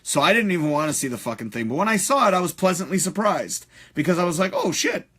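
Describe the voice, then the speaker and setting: A man rants on a live stream, swearing freely and stumbling through fillers and restarts. His voice sits a little higher than most men's. The delivery is loose and animated. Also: quick pace, husky. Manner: profane, animated ranting with frequent fillers. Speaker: host.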